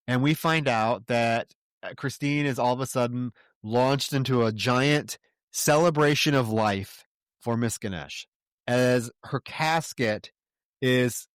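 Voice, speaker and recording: A man co-hosting a podcast, recapping a film in a loose, animated way and briefly mimicking characters. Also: mid-range voice, dry recording, studio quality. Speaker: podcast co-host.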